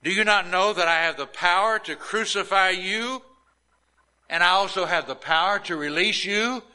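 A man's voice: high voice, normal speed, sharp tone, clean tone, voice pushed up, rough recording. A man voicing a proud, agitated Roman governor who demands answers in a raised, indignant voice.

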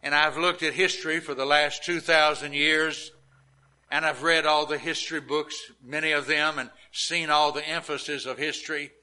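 A man's voice: a little high, steady tone, normal speed, bright, forceful tone, low-quality recording. A man preaching a sermon who retells scripture emphatically and acts out the quotes. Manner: dramatic, emphatic storytelling with acted quotes.

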